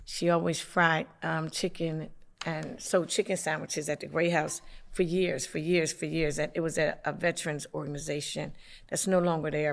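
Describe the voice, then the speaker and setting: A councilwoman from hosting a local community TV show, with the hiccups, making announcements in a halting way with many fillers. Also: deep voice, vocal fry. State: has the hiccups.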